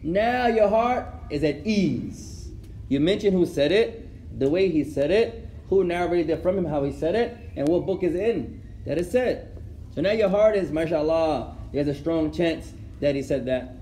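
A man's voice: fairly high pitch, expressive, unhurried, mellow, a little hiss or hum. A man teaching an Islamic studies class, asking rhetorical questions and mixing Arabic phrases into his English. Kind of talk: classroom lesson. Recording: echoey room, faint ambience.

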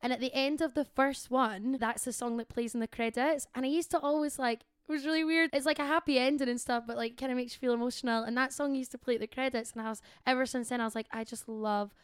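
A woman's voice: high-pitched, fairly even intonation, fast, few pauses, clean tone, no room sound, clean studio sound. A young woman co-hosting a podcast, chatting casually and giggling, with lots of "like" fillers. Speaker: podcast co-host. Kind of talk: casual chat.

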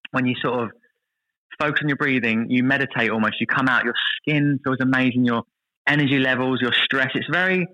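A man in his thirties telling lively stories as a podcast guest, acting out what others said. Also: mid-range voice, brisk, muffled recording. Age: 30s. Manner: lively anecdotal storytelling, voices others in quotes. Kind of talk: casual podcast chat.

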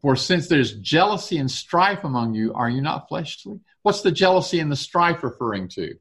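A man's voice: fairly high pitch, very animated, normal speed, fairly bright tone. A man leading a casual Bible study discussion, reading verses aloud and thinking through their meaning.

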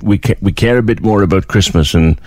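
A man's voice: deep voice, fairly quick, a little mellow, dry recording. A man with a Cork Irish accent hosting a casual radio interview and asking curious questions. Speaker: radio host.

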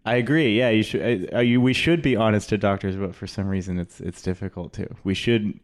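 A man's voice: fairly low pitch, fairly even intonation, brisk. A man chatting casually as a podcast guest, joking and laughing often. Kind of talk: casual chat.

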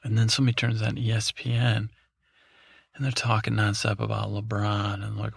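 A man's voice: lowish voice, monotone, normal speed, creaky, slightly rough, dry recording, studio quality. A man hosting a podcast, telling a meandering, drowsy bedtime story with many fillers and restarts. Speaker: podcast host.

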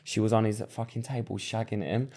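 A man's voice: on the low side, fairly even intonation, a little fast, dark tone. A young man co-hosting a casual podcast, chatting loosely with fillers and swearing. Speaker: podcast co-host. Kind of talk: casual chat.

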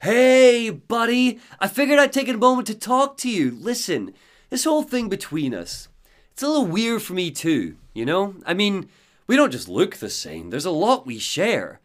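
A man's voice: high voice, very animated, moderate pace, pitched above the performer's own voice. A man voicing a smug, menacing male doppelganger in a sly, taunting way.

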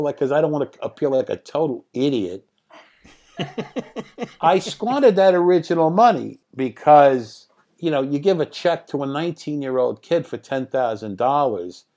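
A man in his sixties, a guest in an interview, telling anecdotes from home in a lively way, often laughing and swearing. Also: on the high side. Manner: animated, laughing, profane.

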